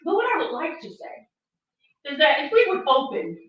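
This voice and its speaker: A woman's voice: high voice, huge pitch swings, moderate pace. A woman giving a playful mock sermon as a comic bishop. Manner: playful preacher delivery, laughs often. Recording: echoey room, distant mic, muffled.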